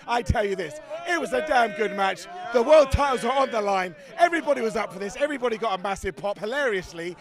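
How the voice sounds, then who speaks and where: A man reviewing wrestling outdoors, bantering loudly with fans around him. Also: high voice. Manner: loud, joking, bantering with fans. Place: outside an arena among a crowd. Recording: loud crowd around him. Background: crowd chatter and street noise.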